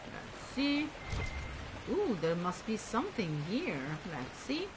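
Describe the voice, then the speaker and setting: A woman's voice: on the high side, wildly swooping pitch, slow, heavy background noise. A woman hosting a let's play, chatting enthusiastically and reading in-game text aloud as she plays. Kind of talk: gameplay commentary.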